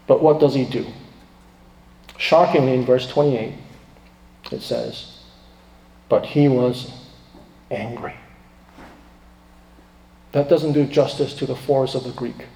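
A man preaching a sermon with a high, mellow voice that carries through a large reverberant hall. He swings from loud, emphatic questions to hushed, quiet asides.

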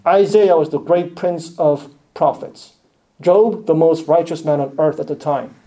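A man preaching a sermon earnestly, rising to loud emphatic lines and dropping to quiet, hushed ones. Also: fairly high pitch, normal speed. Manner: earnest, swells loud then drops to near-hushed lines.

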